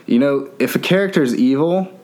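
A man's voice: medium pitch, normal speed, darkish tone. Chatty man with joking asides. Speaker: podcast co-host. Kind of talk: casual movie recap chat.

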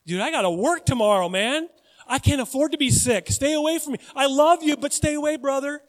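A man's voice: very high-pitched, brisk, voice pushed up. A man voicing a casual young male friend who brushes off a sick buddy in a breezy, dismissive way. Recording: long hall reverb.

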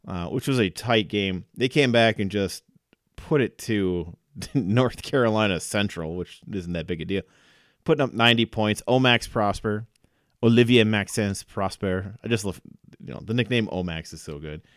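Casual low-voiced man talking basketball stats. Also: moderate pace, no echo, clean studio sound. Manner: rattles off stats with fillers and laughs. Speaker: sports podcast co-host. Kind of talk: casual sports chat.

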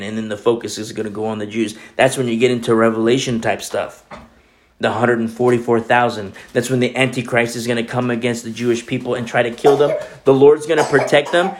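A man's voice: mid-range voice, a little hiss or hum. A man preaching a casual sermon as a pastor, chatty and joking, with many restarts and fillers, in a small home church room. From Peru.

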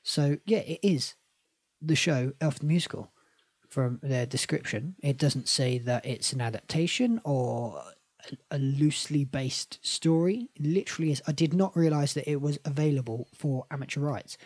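A woman's voice: low voice, moderate pace, a little mellow, slightly rough, no echo. A woman co-hosting a podcast in casual chat, upbeat and teasing as she reads out show listings. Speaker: podcast co-host.

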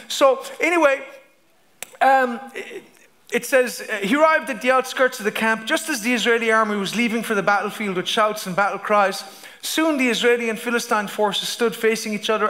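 A man's voice: sits high, bright, forceful tone. A man preaching a sermon as pastor, stumbling over restarts and asking the congregation "amen?" as he reads scripture.

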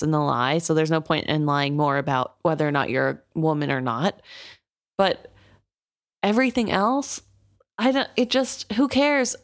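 A woman co-hosting a book podcast, with a somewhat low voice for a woman. She talks in a lively, exasperated way, questioning every choice the characters make. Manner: animated, exasperated commentary. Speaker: podcast co-host. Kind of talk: casual book discussion.

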